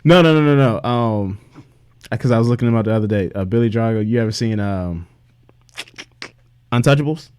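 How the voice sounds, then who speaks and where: A man's voice: fairly low pitch, a little fast, pauses often, darkish tone, smooth, no echo, studio quality. A man co-hosting a casual movie podcast, laughing often and repeating himself as he talks. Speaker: podcast co-host.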